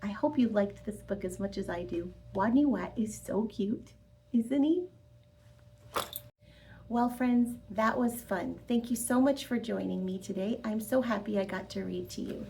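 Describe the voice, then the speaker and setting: A woman reading a picture book aloud to children, expressive and sing-song, speaking to her young listeners directly. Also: mid-range voice, a little slow, vocal fry, slight background noise. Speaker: storyteller.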